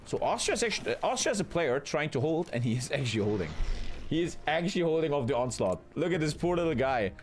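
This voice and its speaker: Male game-stream caster, chatty and profane, lively pitch. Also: fast talker. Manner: chatty, swears freely, talks to chat. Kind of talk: casual live-stream commentary.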